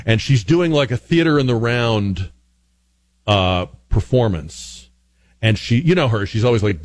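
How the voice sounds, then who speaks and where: Sarcastic male talk show host. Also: no room sound. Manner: sarcastic, mocking, with exaggerated high-pitched asides. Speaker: political commentary host. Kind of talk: opinion talk show monologue.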